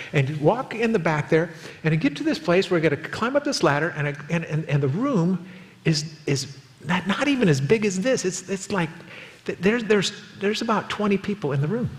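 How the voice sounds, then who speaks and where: A man in his fifties preaching a sermon as pastor, telling a story with lively acted quotes. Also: high-pitched, fairly quick, long reverb tail. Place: church auditorium.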